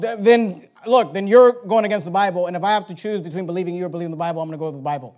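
Fiery high-voiced male preacher. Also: very fast, few pauses. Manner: swings from loud emphatic preaching to low urgent asides. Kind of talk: fiery sermon with scripture reading.

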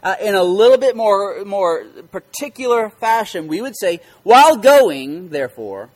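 Emphatic pastor teaching, slightly high voice. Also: male voice, very animated, moderate pace, a little mellow. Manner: emphatic, repeats key words and quizzes listeners. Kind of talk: interactive Bible teaching.

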